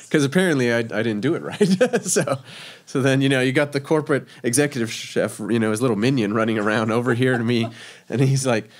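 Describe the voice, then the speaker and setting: A man's voice: mid-range voice, brisk. A man, a professional chef from Texas, telling stories in a casual interview, chatty and laughing, with many fillers.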